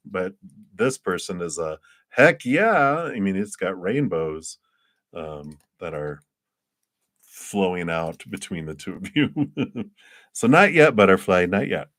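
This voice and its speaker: A man's voice: low voice, expressive, measured pace, fairly bright tone. A man doing live-streamed tarot readings, chatty, laughing often and acting out quoted voices. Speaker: tarot reader.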